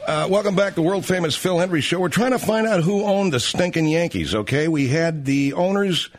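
A man's voice: fairly high pitch, expressive, a little fast, soft background music. A man hosting a radio talk show in a casual, brash, teasing, rambling way.

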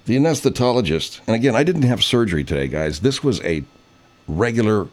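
A man's voice: lowish voice, sing-song, a little fast, darkish tone. A man over fifty, a radio host, telling a rambling, profane story in casual chat and putting on voices when he quotes people.

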